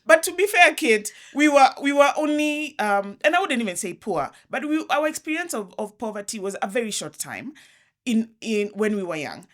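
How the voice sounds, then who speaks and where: A young woman, co-hosting a casual podcast chat, animated and laughing often as she rants with restarts. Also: on the high side, moderate pace. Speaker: podcast co-host.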